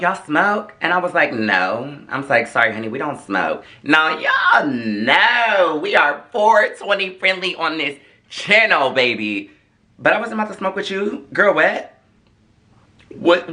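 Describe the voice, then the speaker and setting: A man hosting a casual storytime vlog, sassy and dramatic. His voice is bright and forceful, sitting a little high, and he keeps it chatty with the viewers. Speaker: vlogger host.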